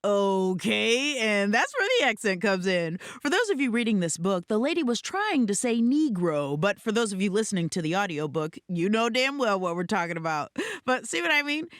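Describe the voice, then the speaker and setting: A woman's voice: medium pitch, no echo, studio quality. A woman narrating an audiobook in a wry, conversational way, with pointed asides.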